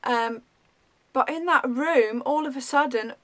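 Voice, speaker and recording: A woman vlogger telling a story in a rambling, animated way, full of ums. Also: sits high, a little slow. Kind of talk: casual storytelling.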